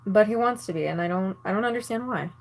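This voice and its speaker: A woman's voice: medium pitch, fast, a little mellow. A woman vlogger ranting casually to the camera while doing her makeup, angry and exasperated, swearing often and filling her talk with "like". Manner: exasperated, swears a lot, filler-heavy. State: angry and annoyed.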